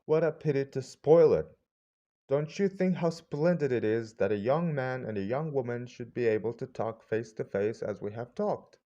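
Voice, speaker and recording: A man's voice: medium pitch, animated, normal speed, warm tone, lightly acted. A man voicing a poised, idealistic young woman who talks in a coaxing, earnest way, in a slightly muffled storybook recording.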